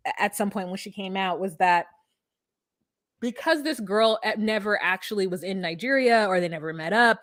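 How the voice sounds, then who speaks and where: A woman co-hosting a casual chat, recapping reality TV in an animated, profane way. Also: medium pitch. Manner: animated, profane, mimics people in quotes. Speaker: podcast co-host recapping reality TV.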